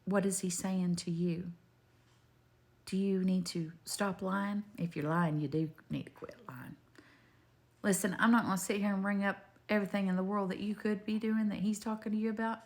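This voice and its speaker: A woman's voice: medium pitch, fairly even intonation, moderate pace, darkish tone. Older woman, chatty faith talk. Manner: chatty, digressive, homespun, talks straight to the viewer. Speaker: faith video maker. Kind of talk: rambling faith testimony to camera.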